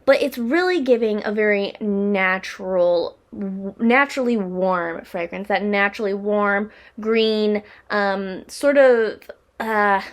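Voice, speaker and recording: A woman's voice: medium pitch, slow. A young woman hosting a casual perfume review vlog, chatty and rambling, with lots of fillers and restarts. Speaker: perfume reviewer, channel host.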